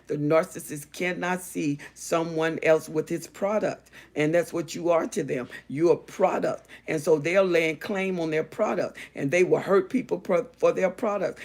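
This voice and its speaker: A woman's voice: deep voice, darkish tone. Emphatic preachy woman host. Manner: emphatic, repetitive, sermon-like cadence. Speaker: relationship advice host. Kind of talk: preachy monologue reading viewer comments.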